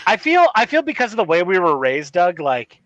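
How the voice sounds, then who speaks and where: A man from Michigan's Upper Peninsula tells a story in casual podcast chat. His voice is fairly high and bright, and the sound is dry and close. He swears freely and restarts his sentences. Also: sing-song, brisk, no room sound, lo-fi sound. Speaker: podcast co-host.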